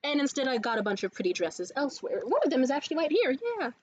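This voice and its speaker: A woman with a high voice chats in a casual vlog, telling stories in an animated, foul-mouthed way. She talks from a room indoors. The recording sounds dull and lo-fi. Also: fast, no echo. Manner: profane, animated storytelling. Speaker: vlogger. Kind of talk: casual life-update vlog.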